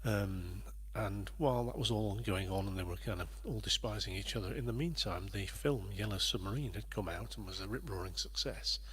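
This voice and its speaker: A man's voice: on the low side, normal speed, hardly any pauses, a crowd in the background. Man chatting to livestream viewers. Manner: rambling, friendly, greets viewers by name. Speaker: livestream host and performer. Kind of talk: casual chat to viewers.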